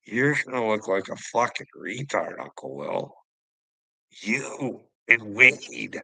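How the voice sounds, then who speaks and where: Gravelly man ranting and taunting. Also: lowish voice, very animated, slow pace, sharp tone, no echo, rough recording. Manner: confrontational, taunting, profane. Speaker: online commentator. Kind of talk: ranting vlog monologue.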